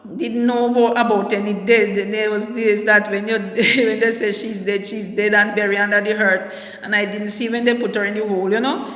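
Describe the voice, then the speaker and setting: A woman telling a personal story in a halting, soft-spoken way, often repeating her words. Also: medium pitch, little pitch movement. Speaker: vlogger. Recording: echoey room with long reverb.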